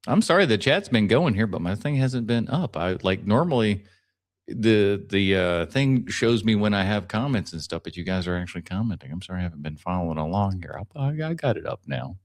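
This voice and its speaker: A man hosting a live podcast stream, chatting casually and teasing, with lots of quick restarts. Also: lowish voice. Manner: animated and teasing, many restarts. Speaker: podcast host reacting to clips.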